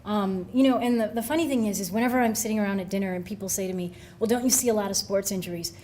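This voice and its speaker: A woman's voice: mid-range voice, racing, mellow, slight background noise. Woman giving a chatty conference talk. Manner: conversational, many fillers and restarts. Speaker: brain injury researcher speaking to coaches.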